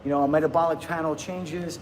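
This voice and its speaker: A man's voice: on the high side, fairly even intonation, a little fast, very noisy. A man in his fifties from the United States, chatting casually on a livestream and answering viewer comments in an upbeat way. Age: 50s.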